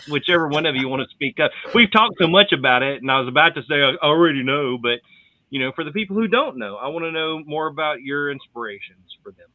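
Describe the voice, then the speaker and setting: A man's voice: on the high side, expressive, brisk. A man hosting a casual video chat, rambling and making puns. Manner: punning, rambling. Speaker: host. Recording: tinny dry phone-like audio.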